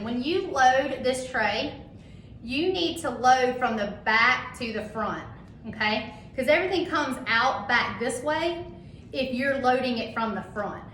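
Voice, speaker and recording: A woman instructor, demonstrating a procedure to a class in a loud, upbeat teaching voice that she sometimes softens to soothe a patient. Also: fairly high pitch. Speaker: dental assisting instructor. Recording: echoey room with faint noise.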